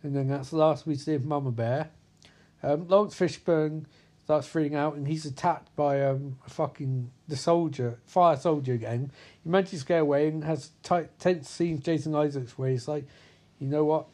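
Male comic, slightly higher voice, sarcastic and profane, recaps a film and pops into character voices. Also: normal speed, a little mellow.

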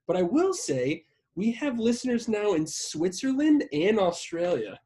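A man's voice: high-pitched, huge pitch swings, measured pace, warm tone. A man co-hosting a podcast in casual chat, swearing freely and rambling in a self-deprecating way. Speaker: podcast co-host.

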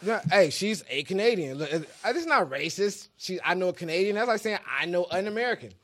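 A man in casual banter, telling stories with slang and a steady refrain of "you know what I'm saying.". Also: sits high, a little fast. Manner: animated, storytelling with swings into quoted voices.

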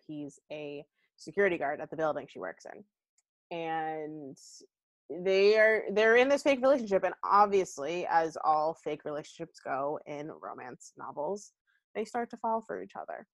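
Woman host, chatty and unfiltered, slightly low voice, close and dry. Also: a bit bright, no room sound. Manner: chatty and candid, rambling asides with frequent likes and ums. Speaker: podcast host. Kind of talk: casual book review chat.

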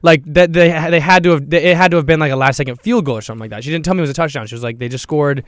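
A young man co-hosts a casual sports podcast. He tells stories animatedly and acts out other people's lines. His voice is smooth and clear, and the recording is close and dry. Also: a little high, rapid-fire, fairly bright tone, no room sound. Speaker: podcast co-host. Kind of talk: casual chat.

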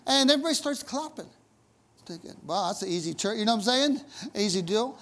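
A man's voice: sits high, animated, a little fast, fairly bright tone. A man preaching a sermon in a conversational, folksy way, telling stories with emphatic asides. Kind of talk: storytelling sermon.

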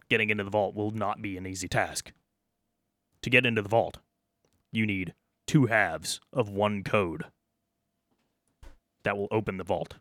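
A man running a comedy tabletop game as game master, narrating in a playful, deadpan way. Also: on the low side, no room sound, studio quality.

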